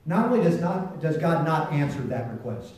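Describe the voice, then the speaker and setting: A man preaching a sermon, swinging between loud shouted proclamation and a hushed, near-whispered delivery. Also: a little high, big pitch swings, normal speed. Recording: very echoey, voice distant from mic.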